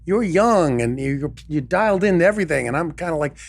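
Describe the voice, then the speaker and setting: A man's voice: on the high side, lively intonation, a little fast. An older man from Canada, a guest voice actor chatting casually on a podcast with wry, self-deprecating asides.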